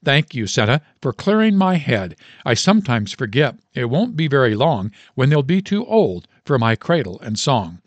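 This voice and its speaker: A man's voice: medium pitch, sing-song, moderate pace, hardly any pauses, dry recording, dull audio. Man reading an exasperated, tired mother, muttering, close and dry. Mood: tender. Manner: exasperated, muttering storybook delivery. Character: weary, frazzled mother, tired but loving.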